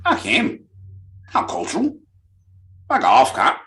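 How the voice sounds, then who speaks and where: A man's voice: medium pitch, wildly swooping pitch, slow, noisy background. A man voicing a crude, blunt Australian bloke with an Australian accent who swears constantly.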